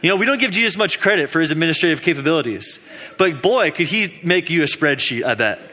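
A young man preaching in a loose, conversational way, his voice sitting a little high for a man. He rambles through a story with fillers and laughs at his own jokes, and a long reverb trails each phrase around the church hall. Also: lively intonation, quick pace, pushed and bright. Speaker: preacher giving a midweek teaching. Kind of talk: casual storytelling sermon.

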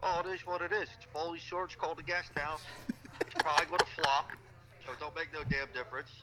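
A man's voice: a little high, steady tone, fast talker, background noise. A man joining the chat, talking in a dry, offhand way. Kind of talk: casual chat.

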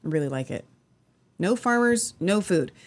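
Low-voiced woman with wry asides. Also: animated, moderate pace. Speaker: co-host. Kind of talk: casual news chat.

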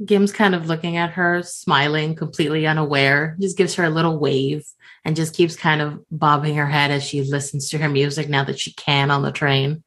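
A woman's voice: low-pitched, steady tone, moderate pace, fairly bright tone. A woman at a tabletop game describing her character's actions. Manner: narrating her character's actions in third person.

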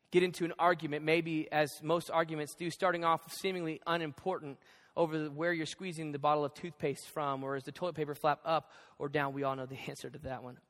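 A young male pastor preaching a sermon, telling stories in an animated, joking way. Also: on the high side. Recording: echoey church hall.

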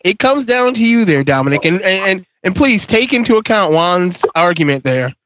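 A man's voice: high voice, very animated, moderate pace, fairly bright tone, a little hiss or hum, rough recording. A man hosting a casual podcast panel, joking as he announces the votes. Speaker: host.

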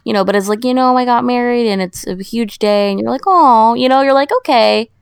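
Podcast co-host, woman, blunt, gravelly smooth voice, dry close sound. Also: on the high side, steady tone, fast talker, dry recording. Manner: blunt, opinionated. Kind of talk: casual chat.

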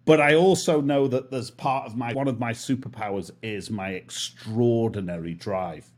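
A British man in casual conversation, self-mocking and quick to laugh. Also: medium pitch, darkish tone. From Britain. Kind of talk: casual chat.

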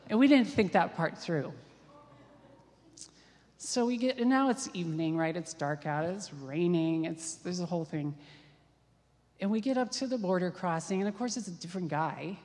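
A woman from Ohio telling a lively, self-deprecating story in a sermon, with quick asides. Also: lowish voice. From Ohio, USA. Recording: long hall reverb.

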